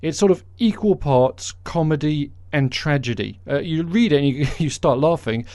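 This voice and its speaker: A man's voice: fairly high pitch, animated, moderate pace, a little mellow, dry recording. A man hosting a podcast, delivering a sarcastic, mocking political monologue. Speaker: podcast host.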